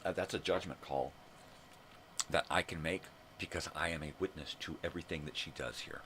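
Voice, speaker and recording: A man's voice: very deep voice, a little fast, fairly bright tone, slight background noise. An older man ranting casually and profanely to camera, exasperated and blunt. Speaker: vlogger.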